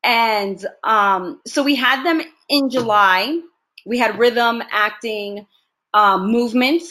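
Animated, higher-voiced actress telling stories. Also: female voice, takes it slowly. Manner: animated storyteller, laughs often. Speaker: actress, guest. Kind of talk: casual interview conversation.

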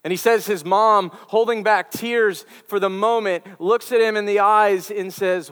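A man's voice: high voice, steady tone, measured pace, few pauses, a bit bright, clean tone, long reverb tail. A man preaching a conversational sermon to college students, telling stories with chatty asides and repeated words. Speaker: campus ministry preacher.

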